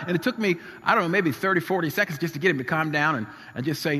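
A middle-aged man delivers a sermon, his voice a little husky and breathy. He speaks earnestly and with emphasis, circling back over his phrases as he builds the story. His words ring out with a long reverb, as if from a large church hall. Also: on the high side, rapid-fire, hardly any pauses, sharp tone. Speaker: pastor.

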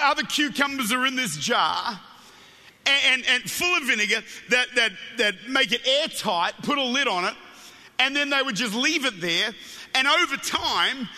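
A man with an Australian accent preaches in a big church hall, and his voice rings back with a long reverb. His voice sits very high and sounds intensely bright. He mixes jokes with passionate, shouted appeals. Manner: humorous, animated, building to shouted fervor. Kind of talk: sermon.

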